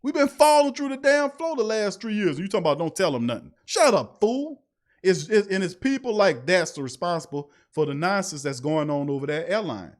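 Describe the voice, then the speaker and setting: A man hosting a live sports talk stream, reading viewer chats and ranting in an animated, preachy way with lots of repetition. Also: high voice, a little fast. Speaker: sports talk show host.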